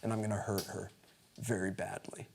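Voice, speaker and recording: A man doing an impression of a famous actor as a hesitant, stammering man who speaks quietly and haltingly. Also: on the low side, level tone, vocal fry, a little hiss or hum, voice pushed down. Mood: menacing.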